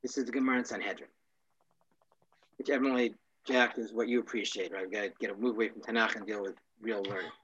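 A man teaching a casual class, wry and joking, often clearing his throat. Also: fairly low pitch, steady tone, fast talker, fairly bright tone, highs cut off.

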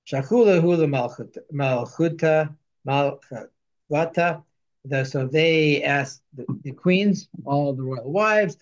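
Reading Hebrew and Aramaic passages line by line, this man translates each one for his class in a Torah text study lesson. He speaks slowly in a slightly high voice, and the recording is dull.

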